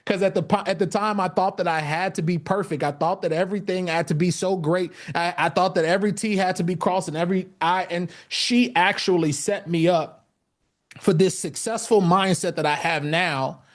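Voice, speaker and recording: A man's voice: sits high, fairly even intonation, normal speed. A man speaking at an event and telling his own story as a motivational talk, with many fillers and restarts. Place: event stage.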